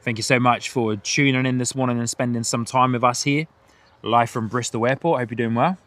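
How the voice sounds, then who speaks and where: Streaming live from an airport, this UK-born host's speech carries an Australian and New Zealand twang as he spots planes outdoors. He talks briskly in a steady, medium-pitched, fairly bright tone on a dry recording, laughing frequently as he goes through viewers' messages.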